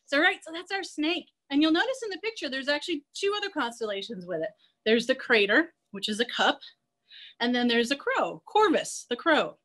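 Leading kids through an online class, a playful, energetic zoo educator tells a myth and has them run around and chant with her. Her voice sits high and moves fairly quickly.

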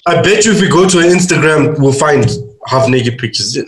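A young man from South Africa co-hosting a comedy podcast, reading tweets aloud and laughing between jokes. His voice sits a little high, and the room adds a noticeable echo. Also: expressive, brisk, background noise. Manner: joking, reads tweets aloud, laughs often. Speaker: podcast co-host. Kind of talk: casual comedic chat.

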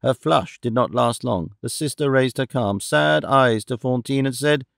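Gravelly male audiobook narrator. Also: mid-range voice, moderate pace, hardly any pauses, a bit bright, no echo, clean studio sound. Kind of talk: scripted narration.

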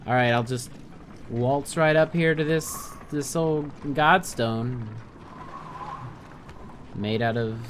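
Dude doing a snarky skeptical archer guy from a game, voice pitched up, kinda incredulous, faint hiss. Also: slow, pauses often, lightly acted. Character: wry male archer hero, skeptical.

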